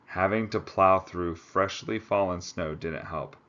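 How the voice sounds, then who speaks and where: A man reads a story aloud and drops in relaxed, chatty asides of his own. His voice sits low. The recording is slightly muffled and lo-fi. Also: a little slow. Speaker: audiobook reader. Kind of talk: book reading with casual asides.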